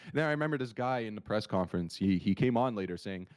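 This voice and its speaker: A man co-hosting a market analysis livestream, talking in an animated, rambling way with many restarts. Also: mid-range voice, rapid-fire, hardly any pauses. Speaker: market analyst stream co-host. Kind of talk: casual livestream chat.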